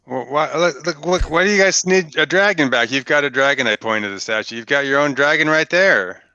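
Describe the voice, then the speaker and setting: A man's voice: fairly high pitch, a little fast, pushed and bright, dry recording, muffled recording. A man playing his character in a tabletop game, asking hesitant, stumbling questions. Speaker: player.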